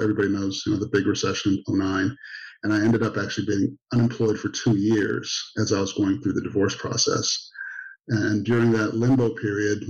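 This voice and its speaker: A man calmly recounting his divorce and co-parenting in a casual podcast chat. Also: lowish voice. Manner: steady, measured storytelling. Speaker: divorced father and guest. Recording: slightly dull recording.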